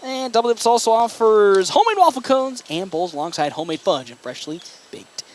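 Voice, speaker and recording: A man calling a local high school basketball broadcast, chatty and rambling with self-corrections. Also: very animated, a little fast, slight background noise. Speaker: play-by-play broadcaster. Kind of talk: local radio sports commentary.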